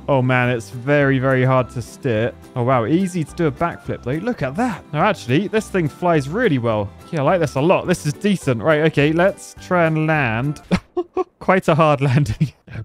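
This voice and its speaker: A young man giving casual, excitable gameplay commentary, thinking aloud and laughing often while building and flying planes. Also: mid-range voice. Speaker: gaming YouTuber.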